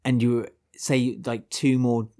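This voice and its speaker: A Welsh man talking casually on a podcast. He gets animated and often restarts his sentences, and his voice sits around the middle of the male range. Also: a little slow. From Wales. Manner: animated, chatty, with many restarts and sudden pitch jumps. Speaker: podcast co-host. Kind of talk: casual chat.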